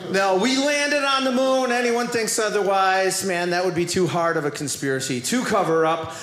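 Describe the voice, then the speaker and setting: A man with a Boston accent doing a stand-up comedy routine on stage, playful and animated, now and then shouting asides and then dropping quiet. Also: high-pitched, moderate pace, background noise. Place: comedy club stage before a live audience. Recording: roomy live stage recording.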